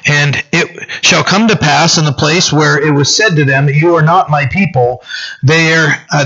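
A man's voice: on the high side, fairly bright tone. Pastor guy preaching, loose and chatty, keeps saying right, kinda muffled recording. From French-descended local community. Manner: conversational, frequent fillers and "right?" checks. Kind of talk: sermon teaching. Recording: dull lo-fi sound.

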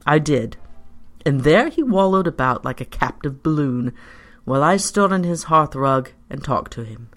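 A storyteller reading a story aloud in the first person, in a measured and expressive way. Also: medium pitch. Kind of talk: scripted narration of a story.

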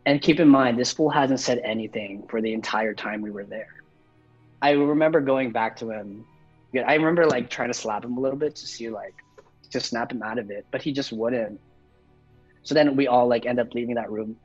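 A man's voice: medium pitch, a little fast, husky, dull audio, soft background music. A young man casually telling a personal story, rambling with lots of fillers and swearing.

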